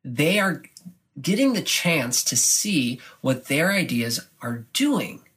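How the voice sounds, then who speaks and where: A man with a slightly husky, breathy voice shares teaching advice on a podcast for choir directors. He talks with energy and bursts of animation, acting out moments from rehearsals. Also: a little high, big pitch swings, slow pace, fairly bright tone.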